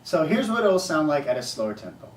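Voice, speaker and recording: A man's voice: fairly high pitch, very animated, fast, far from the mic. A man teaching a drumming exercise, explaining sticking and counting rhythms aloud. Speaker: drum teacher. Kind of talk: casual instructional explanation. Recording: echoey room, off-mic, noisy.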